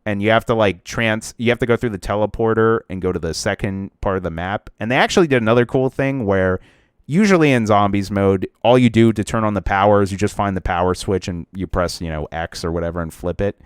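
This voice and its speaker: A man's voice: fairly low pitch, brisk, clear, resonant tone, dry recording, clean studio sound. A young man co-hosting a casual podcast about video games, rambling with lots of fillers and restarts. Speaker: podcast co-host.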